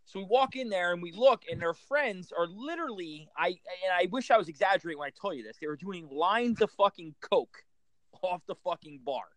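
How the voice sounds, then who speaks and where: A man's voice: high voice, expressive, a bit bright, no room sound. A man, a hockey coach, telling stories in casual chat, cursing and restarting his sentences often. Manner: profane, halting, restarts often.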